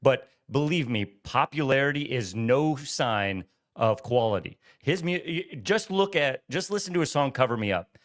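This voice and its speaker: A man's voice: mid-range voice, expressive, normal speed, hardly any pauses. A man co-hosting a casual podcast chat, opinionated and ranting with emphatic stress. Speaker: podcast co-host.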